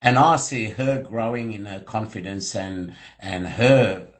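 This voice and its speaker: Aussie guy hosting a chat, low voice, friendly, lots of uhs and ums. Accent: Australian. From Australia. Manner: friendly, halting with many fillers. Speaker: host. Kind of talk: casual interview chat.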